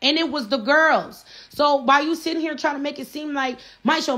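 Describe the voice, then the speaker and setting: Woman in a livestream rant; slightly high voice, blunt, profane, repetitive. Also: normal speed, fairly bright tone. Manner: profane, blunt, repeats herself. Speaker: reality show cast member livestreaming.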